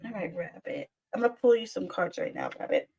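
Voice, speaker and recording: A woman's voice: mid-range voice, wildly swooping pitch, a little fast, gravelly, a little mellow, a little hiss or hum, low-quality recording. A woman doing live-stream tarot readings, chatty and soothing, calling viewers "my dear" and "lovey". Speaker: tarot reader.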